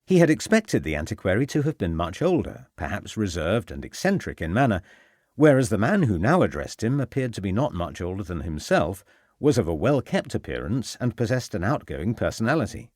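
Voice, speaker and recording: A man narrating a mystery audiobook in a measured, expressive way. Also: fairly low pitch, no echo, studio quality.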